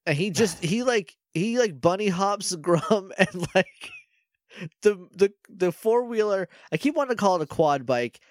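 A man co-hosts a podcast, recapping an episode with sarcastic, profane energy. His fairly high voice swoops up and down all over, and the sound is close and dry with no room to it. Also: unhurried, no echo. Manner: animated, sarcastic, cussing, acts out quotes. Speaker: podcast co-host. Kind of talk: casual chat recapping a TV episode.

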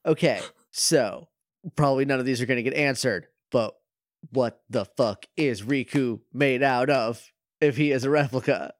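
A man's voice: medium pitch, moderate pace, dry recording. Wry man with a dry podcast sound. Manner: wry, laughing reactions and puzzled questions. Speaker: podcast co-host. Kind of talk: casual chat.

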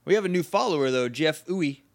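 A man's voice: a little high, animated, a little fast. A man from Massachusetts co-hosting a podcast, making wry, joking asides in casual chat. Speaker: podcast co-host.

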